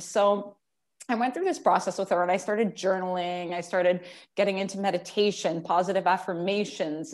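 Casting: middle-aged woman, emotional and animated, warm storyteller in relaxed podcast chat. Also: lowish voice. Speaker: counsellor, podcast guest. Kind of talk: casual chat.

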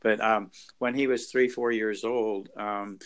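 Gentle, slow-speaking man. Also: on the low side, steady tone, clean tone. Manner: gentle, slow and thoughtful, with soft pauses. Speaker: workshop leader. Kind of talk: reflective podcast conversation.

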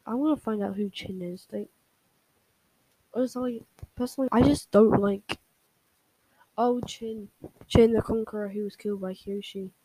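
A woman's voice: medium pitch, fairly even intonation, normal speed, long pauses, mellow, slightly rough, poor audio. A young woman talking casually to her viewers and rambling with many fillers and restarts. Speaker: fan video host. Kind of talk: casual talk and reading fan fiction aloud.

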